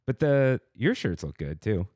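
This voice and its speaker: A fairly low-pitched man co-hosts a podcast in a loose, rambling chat full of fillers. His speech swings up and down with lively pitch. The recording is close and dry, with no room sound. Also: a little slow, no room sound. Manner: relaxed, rambling, lots of fillers. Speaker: podcast co-host. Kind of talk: casual chat.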